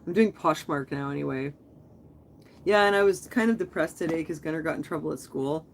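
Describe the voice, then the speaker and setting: A woman's voice: low-pitched, brisk, creaky, a little hiss or hum. A woman hosting a casual live stream, talking in a rambling, chatty way that jumps from topic to topic.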